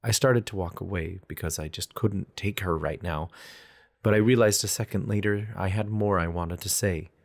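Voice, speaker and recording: A man's voice: sits low, moderate pace, gravelly. A man narrating a romance audiobook in first person with an intense, dramatic delivery.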